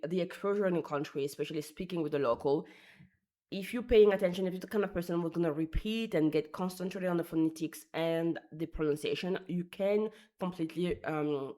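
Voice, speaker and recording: Woman musing on language learning. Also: on the low side. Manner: thoughtful, searching for words, self-correcting. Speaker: language vlogger. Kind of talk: casual reflective monologue.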